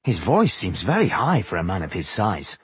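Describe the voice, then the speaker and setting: A man's voice: sits low, wildly swooping pitch, moderate pace, husky, no echo, full character voice. A man voicing an earnest young male dwarf who asks anxious questions.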